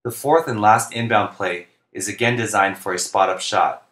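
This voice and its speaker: A man, a basketball coach, narrating instructional plays in a flat, deliberate monotone, speaking clearly. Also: fairly low pitch, roomy sound. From United States. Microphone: home recording for narration.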